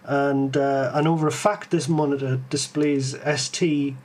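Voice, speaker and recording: A man's voice: mid-range voice, fairly even intonation, unhurried, a little mellow. A middle-aged man, chatting on a live stream while he works on old computer hardware, rambling and correcting himself as he thinks aloud. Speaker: retro computer repair streamer. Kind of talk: live-stream workbench chat.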